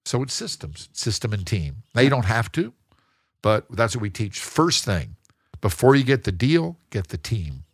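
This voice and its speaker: A man, a guest in an interview, telling stories with lots of energy and acting out the people he quotes. His voice sits fairly low, and the sound is close and dry. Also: normal speed, breathy edge, no echo. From United States. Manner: animated storyteller, acts out quoted people. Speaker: guest, real estate investor. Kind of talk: casual interview storytelling.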